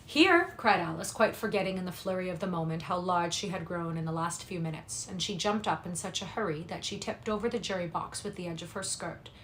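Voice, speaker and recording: A woman reading a classic novel aloud on a livestream at a quick pace, with soft, apologetic asides to her viewers. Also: fairly low pitch, steady tone, a little hiss or hum, low-quality recording. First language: English. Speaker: livestream reader.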